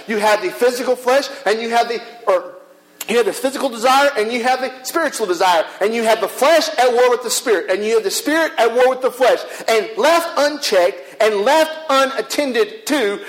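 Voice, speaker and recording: A middle-aged man, a pastor, preaching an animated sermon and repeating phrases for emphasis. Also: high-pitched, poor audio.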